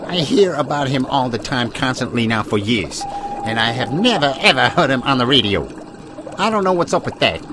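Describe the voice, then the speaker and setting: A man's voice: mid-range voice, sing-song, normal speed, background noise. A man hosting a mock news broadcast in a hammy, rambling, folksy announcer manner. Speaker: comedy news host.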